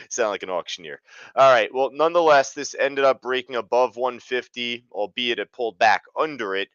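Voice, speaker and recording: A man's voice: medium pitch, moderate pace, a bit bright, clear, resonant tone, no room sound, lo-fi sound. A man hosting a live trading webinar, talking casually with lots of fillers. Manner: casual, chatty, many fillers. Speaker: trading room host.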